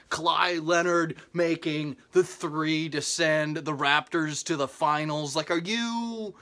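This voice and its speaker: A young comedian telling a rambling comic story in a home vlog, full of asides and fillers, now and then leaping up into mock disbelief. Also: male voice, slow pace, hardly any pauses, sharp tone. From Canada. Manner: jumps into exaggerated high disbelief. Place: parents' basement.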